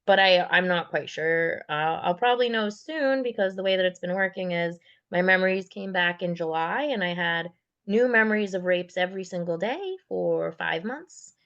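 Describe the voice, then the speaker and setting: A woman's voice: on the low side, moderate pace, a bit bright, highs cut off. A woman giving a candid personal testimony in a raw, blunt and profane way, with bitter sarcasm. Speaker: guest sharing her survivor story.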